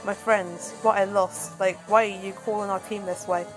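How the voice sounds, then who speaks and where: A woman voicing a withdrawn, hurt young fighter who speaks flatly and bluntly. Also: mid-range voice, moderate pace, over music, lightly acted, rough recording. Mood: bitter. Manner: flat and blunt.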